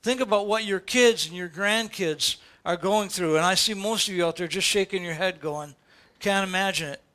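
An older man preaches a sermon from the pulpit, his voice pitched high and ringing bright. He drives his points home with repeated, rising questions to the congregation. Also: moderate pace. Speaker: pastor. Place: church sanctuary before a congregation.

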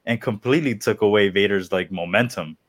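A man co-hosting a casual wrestling podcast who talks haltingly, repeating words as he goes. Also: fairly low pitch, a bit bright. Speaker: podcast co-host. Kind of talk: casual chat.

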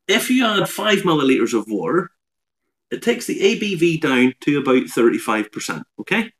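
A man, a whiskey expert on a live online show, explaining in a measured way with dry humour. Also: on the high side, big pitch swings.

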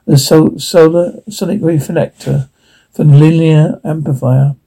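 A man reading the part of an elderly, eccentric time traveller who lectures in a fussy, condescending way, with a husky voice. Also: on the high side, steady tone, unhurried, warm tone, exaggerated voice, poor audio. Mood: lecturing.

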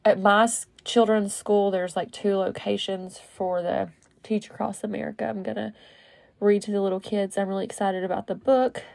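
Woman, solo podcast host, casual rambling talk, lots of filler words, mid-pitched voice, dry close recording. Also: flat delivery, normal speed, creaky, a little mellow, no echo. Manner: rambling, filler-heavy, self-correcting.

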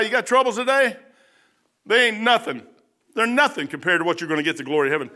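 A man preaching a sermon in a folksy, conversational way, swinging between loud outbursts and hushed asides. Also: high-pitched, lively intonation, fast talker.

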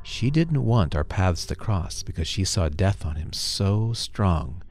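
A man hosting a podcast, narrating a first-person story in a calm, earnest way. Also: sits low, measured pace, slight background noise.

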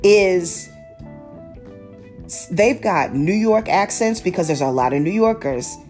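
Woman, deep voice, podcast host, casual rambling chat, restarts and fillers, faint music. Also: expressive, takes it slowly, darkish tone. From Baltimore.

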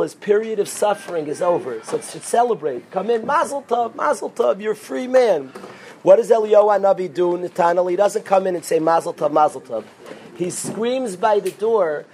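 A man teaching an informal Torah class as a rabbi, animated and rising to near-shouts when excited, sprinkling in Hebrew and Yiddish terms. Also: sits high, a little hiss or hum.

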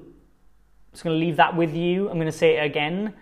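A man's voice: fairly high pitch, steady tone, normal speed. Rambling, um-filled casual male talker. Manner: rambling, filler-heavy, conversational. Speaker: podcast host. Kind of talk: casual solo monologue. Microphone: own microphone.

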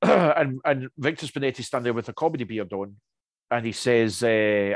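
A man chatting casually and telling anecdotes, lively, with many restarts and asides. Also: medium pitch, moderate pace, no echo. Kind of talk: casual chat.

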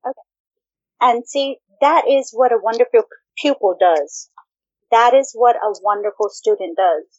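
A woman's voice: fairly high pitch, a little slow, dry recording. A woman co-hosting a casual podcast, playful and teasing, laughing and swearing, slipping Spanish phrases into her talk. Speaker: podcast co-host. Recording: dull lo-fi recording.

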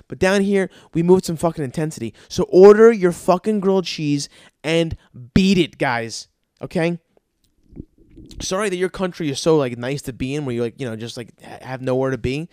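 A man's voice: a little high, a little mellow, no room sound, studio quality. A man from the United States telling a comedic story as a rant, exasperated, sarcastic and swearing constantly.

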